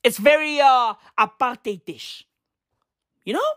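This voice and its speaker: A woman's voice: high-pitched, expressive, a little slow, no echo, clean studio sound. A young woman, ranting in slangy, profane commentary and repeating tag questions. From South Africa. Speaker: vlogger.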